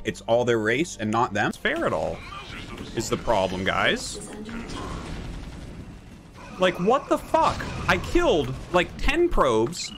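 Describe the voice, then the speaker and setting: A man streaming a game live, ranting and swearing at his opponents and his chat. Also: a little high. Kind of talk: live gameplay commentary.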